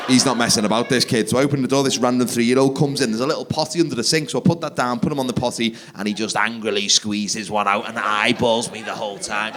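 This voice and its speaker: A man telling a stand-up comedy story on a live theatre stage, animated and acting out the people in it. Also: mid-range voice. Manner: animated, acts out kids and wife in quick voices.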